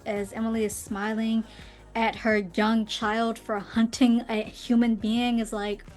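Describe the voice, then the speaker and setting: A woman's voice: fairly high pitch, level tone, a little slow, darkish tone, soft background music. A young woman hosting a podcast, casually retelling a film's plot with fillers and little acted quotes. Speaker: podcast host. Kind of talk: casual movie recap.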